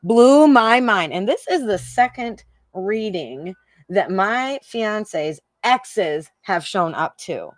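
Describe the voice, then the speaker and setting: A woman's voice: mid-range voice, lively intonation, slow, no echo. A woman from Michigan chats on a live stream about her psychic readings. She talks in an emotional, rambling way, laughing often and repeating her own phrases. Her voice is recorded close and dry, with no room sound. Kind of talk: casual live-stream chat.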